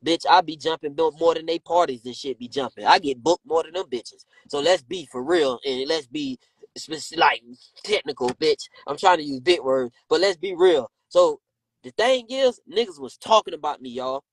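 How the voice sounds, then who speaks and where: A high-voiced man ranting on a live stream, brash and heavy on profanity as he hits back at critics. He talks into a phone in a dry, close space. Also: lively intonation, normal speed, no echo, rough recording. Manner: brash, profane, confrontational, repeats insults at critics. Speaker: rapper and comedian on a live stream.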